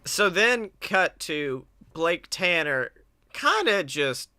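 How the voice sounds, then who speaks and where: Bright, high-voiced man telling stories. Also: takes it slowly, dry recording. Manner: animated storyteller, acts out quotes, laughs often. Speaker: podcast co-host. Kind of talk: casual chat.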